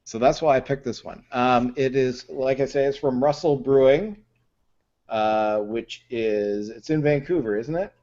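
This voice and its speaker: A man co-hosting a podcast, chatting casually over beer in a hesitant way with many pauses, on muffled lo-fi audio. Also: medium pitch, darkish tone. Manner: hesitant, many ums and restarts. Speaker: podcast co-host.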